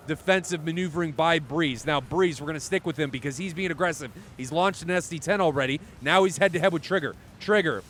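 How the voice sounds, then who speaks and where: A man's voice: on the high side, a bit bright, slight background noise. Chatty man calling a flight-sim match. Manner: chatty, reads chat aloud, corrects himself often. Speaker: esports commentator. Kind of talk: live play-by-play commentary.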